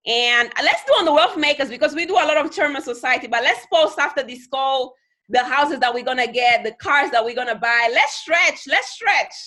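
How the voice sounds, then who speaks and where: With lively intonation at a normal speed, a team leader on a group call motivates her staff in a high, bright voice. She hammers home points through strong emphasis and repetition, now and then mimicking others in a squeaky tone.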